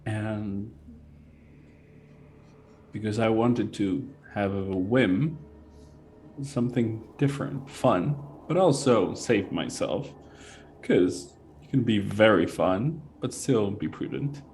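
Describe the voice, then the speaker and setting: A man voicing an ancient male nature-like entity in a tabletop game, speaking in a measured, pondering way. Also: on the low side, a little mellow, slight background noise, voice pushed down. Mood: musing.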